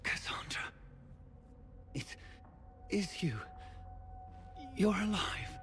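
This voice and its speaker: An actor playing a dying, tortured male knight who is weak and in pain, speaking in a strained, gravelly whisper in halting, broken phrases. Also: on the high side, lively intonation, soft background music. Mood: anguished. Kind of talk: video game voice acting.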